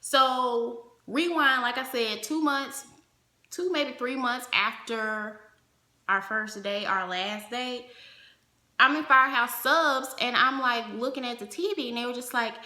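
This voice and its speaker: A woman telling a personal story in casual vlog fashion, animated, acting out the other people's lines as she goes. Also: fairly high pitch, measured pace. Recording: roomy echo.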